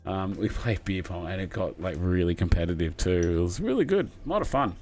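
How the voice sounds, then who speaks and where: A man's voice: deep voice, lively intonation, brisk, few pauses, darkish tone, faint music behind. A man in his thirties hosting a live stream, chatting casually and rambling, with many fillers and self-corrections. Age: 30s. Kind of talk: casual live chat while building.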